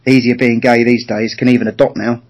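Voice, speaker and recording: A man's voice: mid-range voice, little pitch movement, fairly quick. A man hosting a podcast, teasing the others and steering the chat. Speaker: podcast host.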